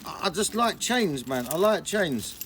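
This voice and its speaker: A young man, chatting casually and excitably on a vlog, full of slang. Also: sits high, unhurried, slight background noise. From England. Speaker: vlogger.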